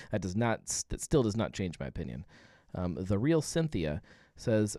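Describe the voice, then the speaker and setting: A man's voice: on the low side, very animated, measured pace, mellow, dry recording, studio quality. A man hosting a casual live beer-tasting stream, rambling with many fillers and reading viewer comments aloud. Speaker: livestream host.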